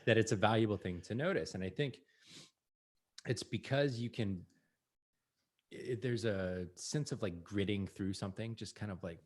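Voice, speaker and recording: Earnest low-voiced man on a podcast. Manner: earnest, acts out his own inner voice. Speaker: podcast co-host. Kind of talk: casual conversation.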